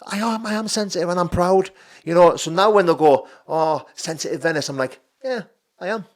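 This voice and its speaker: A man's voice: a little high, fairly quick. Blunt, sweary North East man in his thirties. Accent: Geordie. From North East England. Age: 30s. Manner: blunt and sweary, swings between quiet and emphatic. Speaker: podcast guest, fighter. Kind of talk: casual podcast chat.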